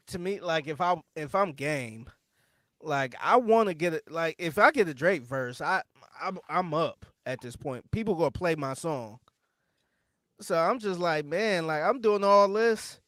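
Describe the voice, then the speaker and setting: A man with a fairly high voice rambles through a casual podcast chat, full of slang, swearing and restarted sentences. The recording is close and dry. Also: a bit bright, dry recording. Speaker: podcast co-host. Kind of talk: casual chat about music.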